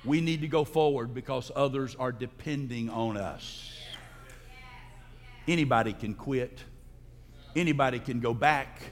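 A male pastor giving a sermon in a church sanctuary, preaching emphatically and breaking into loud, high outbursts. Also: measured pace, pauses often. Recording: long hall reverb.

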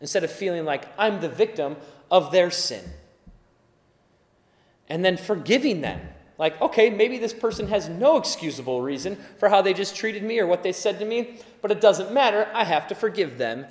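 A man's voice: high voice, lively intonation, normal speed. A man preaching a sermon in an earnest, emphatic way, now and then acting out the voices he quotes. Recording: echoey hall with long reverb.

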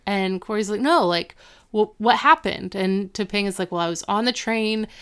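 On a podcast, a woman with a medium-pitched, clear, resonant voice chats casually at a moderate pace while recapping a TV episode. She's animated and acts out the characters' lines in a raised voice.

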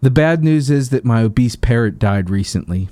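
A man co-hosting a talk show, telling jokes with a dry, deadpan delivery. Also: mid-range voice, moderate pace, no echo. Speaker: radio show co-host. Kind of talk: casual joke-telling banter.

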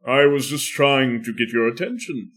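A man's voice: medium pitch, moderate pace, a bit bright, close to an everyday voice. A man voicing a stern, grumpy middle-aged father who scolds curtly. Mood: scolding. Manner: curt, scolding.

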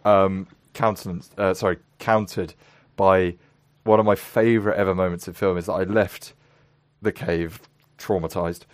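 Male host in his twenties, low voice, dry close sound, lively storyteller. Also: normal speed, no echo. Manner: animated storyteller, acts out voices, laughs often. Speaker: podcast host. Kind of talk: casual chat.

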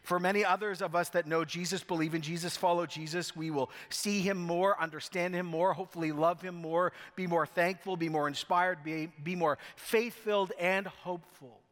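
A man's voice: high voice, fairly even intonation, moderate pace, hardly any pauses, fairly bright tone. A male co-lead pastor preaching a sermon from Canada, telling a self-deprecating personal story in a conversational way before moving into teaching. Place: church hall. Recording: long reverb of a large hall.

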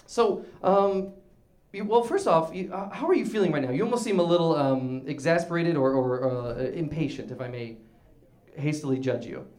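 A man's voice: fairly high pitch, expressive, moderate pace, darkish tone, lightly acted. A man playing a stammering, eager talk show host. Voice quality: stammering, full of restarts and fillers. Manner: showy and effusive with the crowd. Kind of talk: improvised comedy scene.

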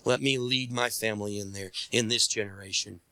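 Bright-voiced preaching man, dry close sound. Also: lowish voice, fairly even intonation, brisk, no echo. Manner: preaching, calls on the congregation to respond. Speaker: pastor. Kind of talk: sermon.

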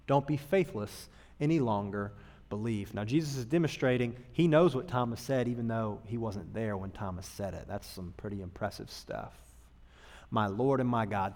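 A man delivering a sermon as a pastor, conversational and humorous, acting out the people he quotes. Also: medium pitch. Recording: long hall reverb.

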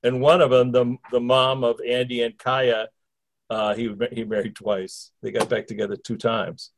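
A man's voice: medium pitch, little pitch movement, normal speed, noisy background. A man hosting a conversation, asking long wandering questions full of restarts. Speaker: host interviewing a spirit through a medium. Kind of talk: casual interview talk.

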